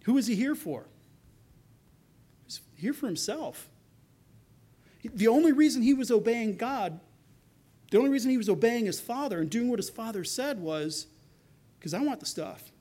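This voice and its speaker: A man's voice: very high-pitched, moderate pace, long pauses. A man preaching a sermon, speaking animatedly and voicing the characters in the passage as he goes. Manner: animated preaching, acting out characters' quotes with rising intensity. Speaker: pastor.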